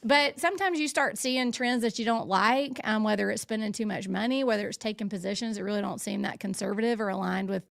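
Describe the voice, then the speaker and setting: A woman speaking as a state legal official in an interview, measured and conversational. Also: mid-range voice, creaky. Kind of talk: interview answer.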